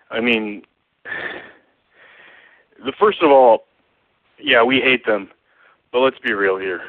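A man leaving a furious, profane voicemail, slow and emphatic in his anger. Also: on the low side, dry recording. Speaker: caller. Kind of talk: voicemail rant. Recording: tinny phone line, dry.

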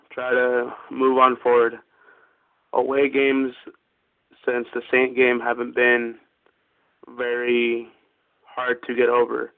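A male caller talking hesitantly with many pauses and ums. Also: medium pitch, dry recording. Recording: tinny phone line.

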